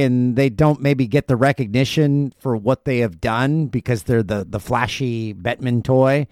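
Male podcast host, lively joking delivery, dry studio mic. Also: medium pitch, unhurried, smooth, no room sound. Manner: jokey, animated storytelling. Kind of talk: casual podcast chat.

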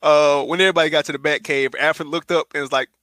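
A man's voice: on the high side, fairly even intonation, fast talker, a bit bright, dry recording. A man co-hosting a casual podcast, joking and reading from his notes. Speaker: podcast co-host. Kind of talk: casual chat.

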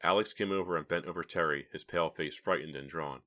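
Deep-voiced male audiobook narrator. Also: fast, bright, forceful tone. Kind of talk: scripted narration.

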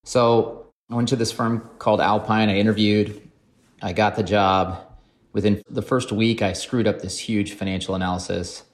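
A man's voice: lowish voice, steady tone, moderate pace. A man in his forties, a podcast guest, telling self-deprecating stories about his career in a casual, wry way. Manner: wry, self-deprecating anecdotes with acted-out quotes. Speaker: podcast guest, private equity investor. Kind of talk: casual storytelling.

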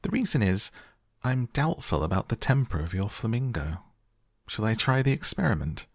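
A man's voice: fairly low pitch, very animated, normal speed, no echo, studio quality, pitched above the performer's own voice. A man voicing a pompous, moralizing older female duchess in a storybook reading. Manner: fussy, agreeable, moralizing.

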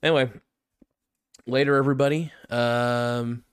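A man's voice: mid-range voice, fairly even intonation, unhurried, clear, resonant tone, no echo. A young man hosting his own podcast, rambling through a joking, self-mocking monologue full of fillers. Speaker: podcast host.

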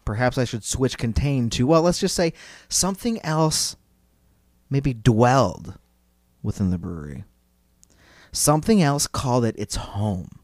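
A man's voice: mid-range voice, big pitch swings, normal speed, a little mellow, no room sound, studio quality. A man hosting a podcast, telling a story in a casual, rambling, playful way full of "like" fillers. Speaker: podcast host. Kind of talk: casual chat.

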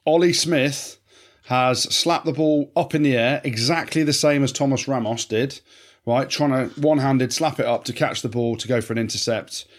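A man's voice: medium pitch, moderate pace. A man co-hosting a rugby podcast, trading banter in a matey way and swearing now and then. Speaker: podcast co-host. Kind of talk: casual rugby chat.

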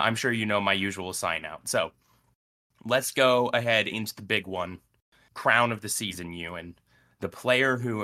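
A man's voice: lowish voice, pushed and bright. A man hosting a casual sports podcast, upbeat and teasing in his chat. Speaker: podcast host.

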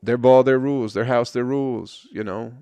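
A man's voice: mid-range voice, steady tone, moderate pace, warm tone, smooth, no echo. A young man hosting a podcast, rambling in casual chat with lots of swearing and wry self-mockery. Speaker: podcast host. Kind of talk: casual solo podcast rant.

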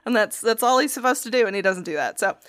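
A woman's voice: a little high, lively intonation, quick pace, fairly bright tone. A young woman in casual chat, telling a story with lots of swearing and acted-out quotes.

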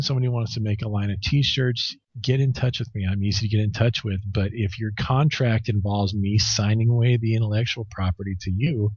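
This comic artist guest, a man with a medium-pitched, darkish voice, rambles bluntly and casually about his work, swearing and restarting often. The lo-fi recording sounds dry and dull.

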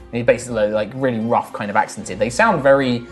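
A man's voice: mid-range voice, fast talker, hardly any pauses, faint music behind. A man narrating as game master for a tabletop game, describing scenes in a loose, rambling way with many fillers and restarts.

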